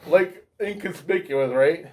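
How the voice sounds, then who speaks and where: A man telling a story as an interview guest, profane and animated, swearing constantly. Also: on the high side, slow pace, crowd noise. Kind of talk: casual storytelling.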